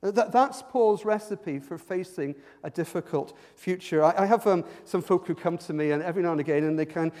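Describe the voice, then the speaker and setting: A man preaching a sermon as pastor, stumbling and repeating words, swinging his pitch and loudness up and down. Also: brisk, few pauses. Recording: long hall reverb.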